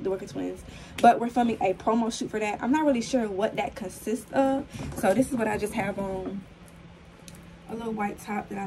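Chatty young woman vlogging, slightly hoarse. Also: mid-range voice, mellow, slight background noise, low-quality recording. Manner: chatty, calls viewers y'all, lots of fillers. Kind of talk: casual vlog talk to camera. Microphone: phone camera.

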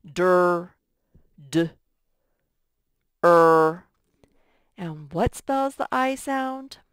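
A woman's voice: fairly low pitch, animated, extremely slow, clean tone, no room sound, studio quality. A woman teaching a recorded first grade lesson, patiently sounding out letters and stretching words for young students.

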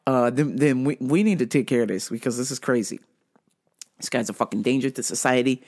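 With a bass voice and a slightly quick delivery, a woman runs a solo podcast where she rants and curses. Her stories come out animated and energetic.

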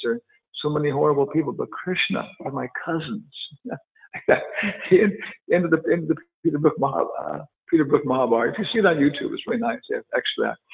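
A spiritual teacher with a medium-pitched voice and vocal fry leads a casual scripture class. He's chatty, tossing in laughing asides and acting out quotes. The sound is tinny and phone-like, echoing as if in a hall.

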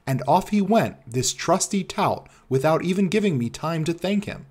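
A man narrating a classic detective story as an audiobook in an expressive storytelling manner. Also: a little high, normal speed, few pauses.

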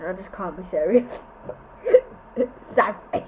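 A woman giving silly, goofy commentary over her own gameplay, chanting nonsense phrases and breaking into sudden shouts. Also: fairly low pitch, expressive, slow pace, pauses often, slight background noise, poor audio. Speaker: gameplay video maker.

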